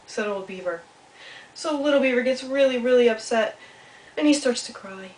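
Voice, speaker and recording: A woman reading a children's story aloud in a lively way, talking directly to young listeners. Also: on the high side, normal speed. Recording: echoey room, mic far off, faint ambience.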